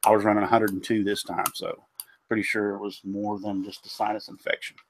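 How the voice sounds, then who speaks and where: A man's voice: fairly low pitch, flat delivery, fairly quick, a little hiss or hum. Sick man hosting a live show. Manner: rambling, stumbles over names, frequent fillers. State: congested, recovering from a cold. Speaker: host of a woodworking live show. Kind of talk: casual live-stream chat.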